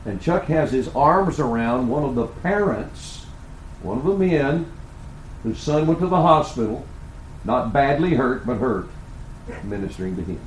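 A man preaching a sermon, swinging between hushed, intimate asides and loud, emphatic declarations. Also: medium pitch, animated, measured pace, slight background noise, poor audio. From United States. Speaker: pastor.

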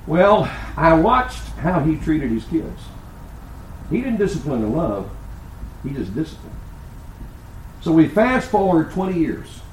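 A man's voice: medium pitch, darkish tone, roomy sound, a little hiss or hum, poor audio. An older man preaching a sermon, asking rhetorical questions and telling stories as the pastor. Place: church sanctuary.

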